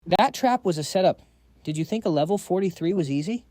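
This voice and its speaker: A man's voice: high-pitched, expressive, a little fast, mellow, no room sound, pitched above the performer's own voice. A man voicing an arrogant, boastful male spear warrior who talks down to his foe. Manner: condescending, boastful.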